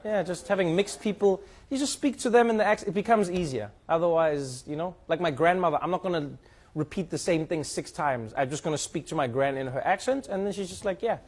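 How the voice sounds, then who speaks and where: A man's voice: fairly high pitch, fairly quick. A man, a comedian host, chatting casually and telling stories to a studio audience. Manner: chatty, animated storytelling.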